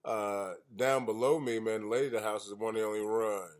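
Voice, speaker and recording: A fairly low, steady-toned man, speaking a little fast, runs an independent radio show over a video call. He keeps things loose and joking, rambling with plenty of fillers and restarts.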